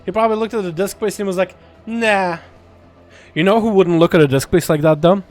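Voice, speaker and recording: This young streamer talks fast, almost racing, in a high voice with a somewhat dark tone. He keeps things laid-back while commentating his gaming livestream, laughing often and cursing casually as soft music plays underneath.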